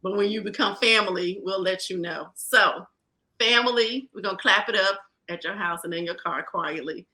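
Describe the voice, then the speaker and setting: A woman with a Southern accent from rural Virginia, hosting a podcast in a lively, folksy, chatty way. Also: mid-range voice, normal speed. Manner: lively, folksy, talks straight to listeners. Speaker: podcast host. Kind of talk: casual podcast chat.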